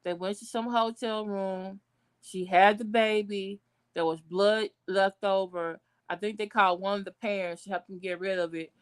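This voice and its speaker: A woman vlogger giving casual livestream commentary, blunt, outraged and profane, with sudden high outbursts. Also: clean tone.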